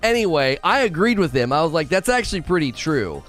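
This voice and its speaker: A man's voice: a little high, very animated, brisk, a bit bright, faint music behind. A man hosting a casual gaming live stream, talking in a rambling way and often repeating himself.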